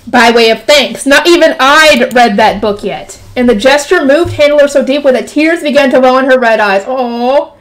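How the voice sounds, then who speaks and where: A woman reads a light novel aloud for her channel in a high voice. She keeps stopping to react to the story with exclamations, groans and quick comments. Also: poor audio.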